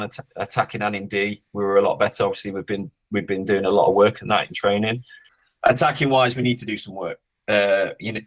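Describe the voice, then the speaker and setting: A man's voice: on the low side, low-quality recording. A man coaching a rugby club, talking through his team in a casual podcast interview with lots of restarts and blunt humour. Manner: reflective, hesitant restarts, blunt swearing when joking.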